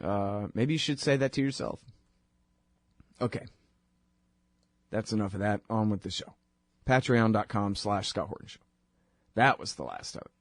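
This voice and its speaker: A man hosting his own radio show, talking in a rambling, wry, conversational way full of quick asides. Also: on the low side, animated, no echo, studio quality. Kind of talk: casual monologue.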